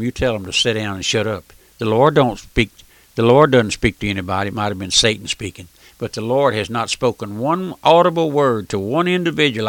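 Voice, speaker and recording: A man's voice: medium pitch, a bit bright, no echo. An older man preaching an earnest, emphatic radio sermon in a folksy, repetitive way.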